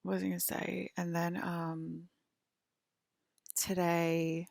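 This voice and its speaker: Low, gravelly woman rambling in a vlog. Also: flat delivery, takes it slowly, darkish tone, no echo, studio quality. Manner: rambling, heavy use of filler "like". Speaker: vlogger. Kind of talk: casual rambling monologue. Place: bedroom.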